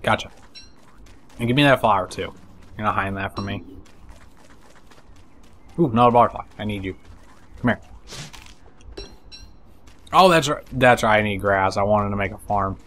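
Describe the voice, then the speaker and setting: A man giving casual let's play commentary, excitable and swearing, talking to the creatures in the game. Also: fairly low pitch, moderate pace, long pauses. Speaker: gameplay commentator.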